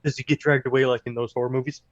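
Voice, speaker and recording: A man's voice: medium pitch, little pitch movement, very fast. A man playing a tabletop game who jokes around and swears. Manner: joking and swearing. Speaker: player. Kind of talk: casual tabletop game talk. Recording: dry, dull lo-fi mic.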